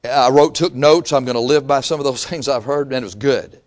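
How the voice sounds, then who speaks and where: A man's voice: medium pitch, fairly quick, a little mellow. A male pastor preaching a sermon in a conversational way, with frequent restarts and quotes he acts out.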